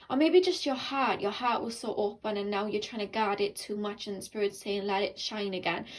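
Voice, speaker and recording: A woman's voice: medium pitch, poor audio. A young woman giving a casual, earnest tarot reading to her viewers, rambling with fillers and restarts, at times tearful. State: tearful and emotional. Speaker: tarot card reader.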